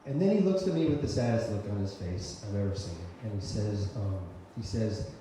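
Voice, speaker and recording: A man telling a personal story live on stage, conversational and full of fillers and restarts, bursting into loud shouts when he voices his own thoughts. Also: on the low side, fairly quick. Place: cultural center stage before an audience. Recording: very echoey hall, faint noise.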